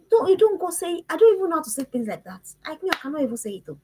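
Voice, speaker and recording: A woman teaching a parenting lesson, emphatic and animated, who repeats her phrases and keeps asking the listener questions. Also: high-pitched, very fast, few pauses, low-quality recording.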